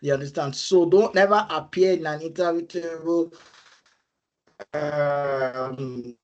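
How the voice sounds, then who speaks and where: A man's voice: on the high side, takes it slowly, highs cut off. A man speaking on a webinar, giving career advice in an earnest, repetitive way, often pleading "please" and checking "you understand?".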